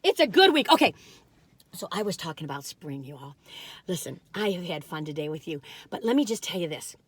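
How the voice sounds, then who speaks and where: A woman's voice: lowish voice, big pitch swings, a little fast, husky, no echo. A woman reviewing cookies in a chatty, folksy vlog, often calling her viewers "you all". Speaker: food review vlogger.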